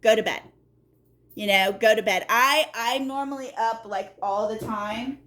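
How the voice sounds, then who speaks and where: A woman's voice: on the high side, measured pace. Emphatic woman giving a casual tarot reading. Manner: animated, emphatic, repeats "okay?" to the viewer; blunt and salty, talks straight to the viewer. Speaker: tarot reader.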